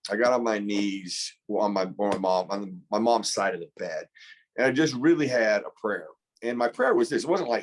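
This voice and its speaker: A man's voice: on the low side, expressive, moderate pace. A man in his fifties, a former pro football player, telling an earnest, reflective story as a podcast guest, often restarting his sentences.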